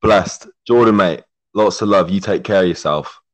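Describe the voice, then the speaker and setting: A young man in his twenties, a podcast guest in a casual chat, rambling warmly and swearing heavily, calling his friend mate. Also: low voice, normal speed. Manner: effusive, rambling, heavy swearing, says mate a lot. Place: remote call, living in Germany.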